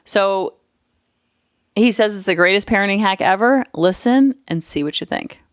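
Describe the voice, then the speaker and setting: A woman's voice: mid-range voice, moderate pace, dry recording. Earnest woman podcast host, dry sound. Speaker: podcast host, parenting coach. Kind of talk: casual solo podcast talk. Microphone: close podcast mic.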